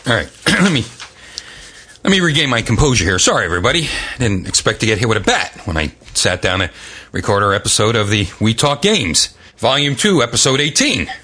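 Man, game news podcast host, wry sarcastic asides, bright voice, lively pitch. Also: fairly quick, husky. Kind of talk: video game news commentary.

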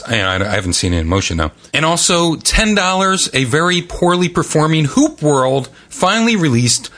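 A man's voice: medium pitch, sharp tone. Sarcastic male game podcast host. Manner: wry, sarcastic, quick asides. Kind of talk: video game news commentary.

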